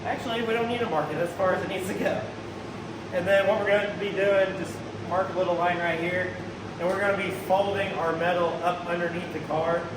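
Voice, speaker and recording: A man's voice: high voice, fairly even intonation, fairly quick. A man hosting a casual shop vlog, joking as he works in a garage. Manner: laid-back, joking, talks while working. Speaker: host, car builder. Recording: echoey shop, from far off, noisy.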